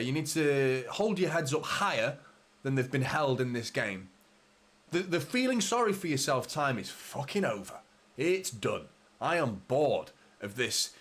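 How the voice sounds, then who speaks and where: Frustrated football fan, swearing. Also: male voice, medium pitch, fairly bright tone, breathy edge. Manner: swearing, frustrated, rambling, talks to viewers. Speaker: fan channel host. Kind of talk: live football watchalong commentary.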